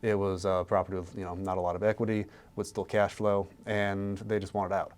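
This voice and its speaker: A man with a lowish voice talks real estate on a podcast at a brisk clip. He gets animated when he acts out sales pitches to sellers, and the talk stays casual throughout.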